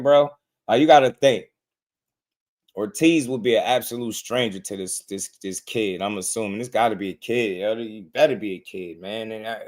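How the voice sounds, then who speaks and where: A man hosting a boxing channel, ranting in casual commentary, repeating himself and calling listeners bro. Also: mid-range voice. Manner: animated, repetitive, slangy, calls listeners bro.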